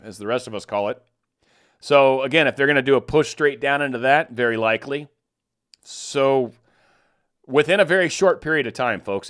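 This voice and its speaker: A man's voice: medium pitch, a bit bright. A man giving casual, sarcastic political commentary, ranting and mocking.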